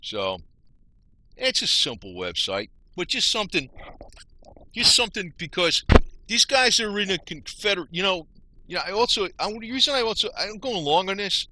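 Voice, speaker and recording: Rambling, irritated man, bright voice. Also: sits high, sing-song, normal speed, slight background noise. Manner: rambling, frustrated, talks to viewers as "you guys". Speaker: vlogger. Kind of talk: rambling screen-share rant.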